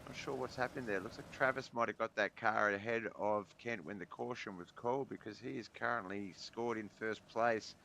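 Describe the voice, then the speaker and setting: A man's voice: lowish voice, moderate pace, gravelly, few pauses, pushed and bright, slight background noise. A man streaming from home, calling a sim race in laid-back play-by-play and thinking aloud about what happens on track. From Australia. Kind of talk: sim racing commentary.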